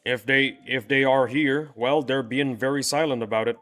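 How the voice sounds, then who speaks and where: A man's voice: medium pitch, fairly even intonation, normal speed, a bit bright, soft background music. A man livestreaming a game, chatting casually with his viewers in a playful, rambling, teasing way. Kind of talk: casual chat with live viewers.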